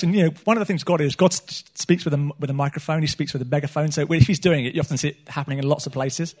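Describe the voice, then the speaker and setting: Earnest preacher man, slightly high. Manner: earnest, repeats himself and restarts phrases. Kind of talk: sermon. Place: church meeting hall.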